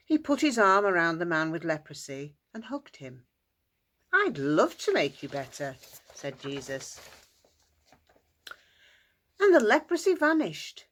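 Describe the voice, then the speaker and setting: Slow, lively woman telling a children's story. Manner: expressive, shifts into squeaky character voices and shouts. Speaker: school assembly storyteller.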